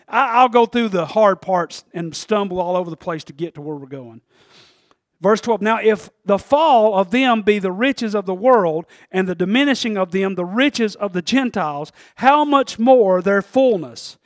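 A man preaching a sermon, joking and laughing at himself, then building up to shouted climaxes. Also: sits high, expressive, normal speed, no echo, clean studio sound. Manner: jokey, self-deprecating, builds to shouting. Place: church.

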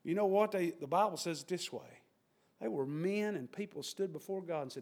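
Male pastor, very high voice, preaching with bursts of shouting and mocking quoted voices. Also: fairly quick. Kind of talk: sermon.

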